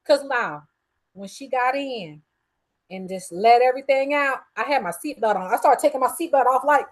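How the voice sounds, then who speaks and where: A middle-aged woman hosting a show, telling a story in a casual, blunt and profane way with lively swings in her voice. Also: high-pitched, brisk, rough recording. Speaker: podcast host.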